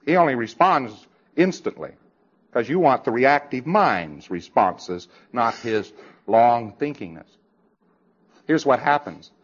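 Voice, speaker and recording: A man's voice: mid-range voice, expressive, slow, slightly rough, dull audio. A man giving an emphatic lecture to a congress audience, with wry, sarcastic asides.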